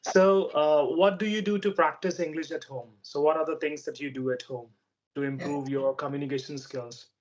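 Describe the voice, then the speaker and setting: An adult interviewer with a mid-range, medium-pitched voice leads a casual English practice conversation at a moderate pace with fairly even intonation. The speech is hesitant, full of frequent filler pauses, and ideas are explained patiently. The audio sounds slightly dull and lo-fi.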